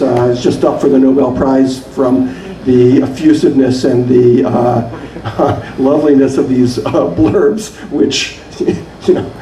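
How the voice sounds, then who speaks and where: A man's voice: medium pitch, dark tone, recorded from a distance, slight background noise. Man reading poems in a roomy café. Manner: hesitant between poems, many uh fillers. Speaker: poet reading his work. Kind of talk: live poetry reading. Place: coffee shop reading.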